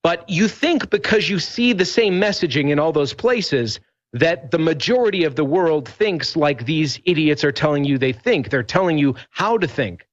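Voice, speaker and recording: A man talking in an animated talk show conversation, telling stories emphatically and rambling with restarts. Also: on the high side, moderate pace, dull audio. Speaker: radio host guest.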